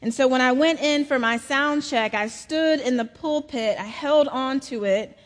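Middle-aged woman, slow sermon delivery, long reverb of a large church. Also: sits high. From South Carolina, US. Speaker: preacher.

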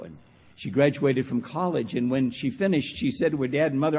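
A man preaching a sermon in a church, telling a story and ending on a slow, hushed close. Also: medium pitch, breathy edge. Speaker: pastor. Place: large church sanctuary. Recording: long church reverb.

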